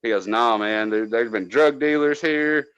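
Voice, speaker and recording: A man from North Georgia, a podcast co-host telling a casual, profane story from his days as a cable tech, loudly acting out what people said. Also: medium pitch, normal speed, clear, resonant tone, dry recording, lo-fi sound. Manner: profane, animated, acts out quotes loudly.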